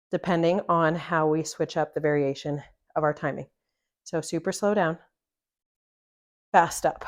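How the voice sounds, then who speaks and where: A woman coaching a home workout. She is out of breath, encouraging and talks through each exercise between breaths. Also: on the low side. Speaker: fitness coach. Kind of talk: follow-along workout instruction.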